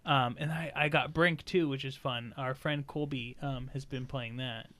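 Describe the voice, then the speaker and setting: Bright-voiced joking young man. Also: medium pitch, steady tone, moderate pace. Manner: rambling, jokey, swears freely. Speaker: podcast host. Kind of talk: casual podcast chat.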